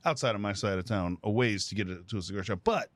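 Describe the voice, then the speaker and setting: A man telling stories in a casual podcast chat, chatty and quick to laugh. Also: fairly low pitch, no room sound. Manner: quick, lively storytelling with laughs. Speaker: podcast co-host.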